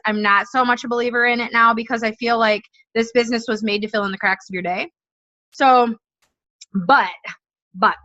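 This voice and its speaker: Her allergies leave her congested as this thirties-aged network marketing team leader rallies her sales team with a direct, cheerful pep talk. She sounds bright and forceful, pitched on the high side. It's a dry, dull lo-fi capture without any room sound.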